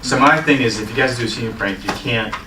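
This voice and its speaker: A man's voice: medium pitch, a little fast, noisy background. A middle-aged man, a school principal, answering interview questions casually with hesitant fillers. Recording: echoey room from far off.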